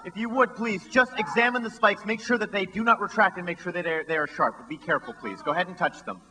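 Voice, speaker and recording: A man's voice: high-pitched, fast talker, pushed and bright, poor audio. A man presenting a stunt on a stage before a live audience, with dry, sarcastic patter aimed at the crowd.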